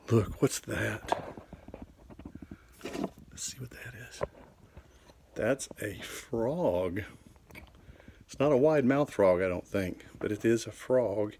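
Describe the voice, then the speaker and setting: A man's voice: medium pitch, noisy background. An older man teaching a children's class, talking cheerfully to kids and cracking corny jokes from his home office. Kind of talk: children's show talk.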